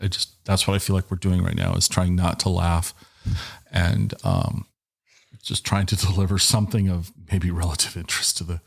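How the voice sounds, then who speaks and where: A man's voice: low voice, flat delivery, moderate pace, vocal fry, breathy edge. A middle-aged man hosting a casual podcast from a small office, speaking into a headset microphone and rambling with jokes and restarts. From Washington State. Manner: rambling, self-interrupting, joking. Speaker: podcast host. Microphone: headset and studio microphone.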